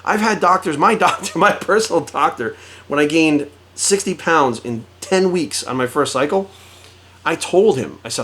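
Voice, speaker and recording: Facing the camera, a middle-aged man who coaches fitness tells a story in a blunt, heavily profane rant, voicing the quoted back-and-forth himself. He speaks at a moderate pace, with an expressive, fairly high and fairly bright voice.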